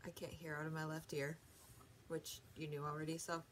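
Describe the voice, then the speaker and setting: A woman's voice: low-pitched, little pitch movement, brisk, a little hiss or hum. Chatty woman rambling through an unboxing. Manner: chatty, rambling, self-correcting. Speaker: vlog host. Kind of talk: casual unboxing chat.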